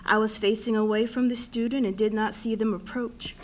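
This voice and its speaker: A woman teacher giving a prepared, formal statement at a school board meeting, measured and read from notes. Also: fairly high pitch, steady tone. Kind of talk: prepared public comment read aloud.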